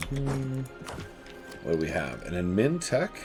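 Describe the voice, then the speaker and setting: A man's voice: medium pitch, measured pace, over music. A man giving casual, chatty commentary as he plays a strategy game, talking straight to the enemies on screen. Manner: animated, chatty, talks to the game's enemies. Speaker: let's play host.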